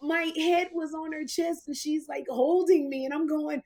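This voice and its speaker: A woman in her fifties, a talk show host, telling an emotional story in lively chat, jumping up in pitch when she quotes people. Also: normal speed. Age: 50s.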